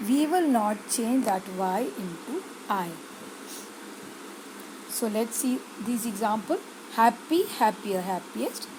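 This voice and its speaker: Slow, deliberate woman teacher. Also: fairly high pitch, noisy background. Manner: slow, deliberate, repeats words and asks pupils questions. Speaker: English teacher. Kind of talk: slow explanatory grammar lesson.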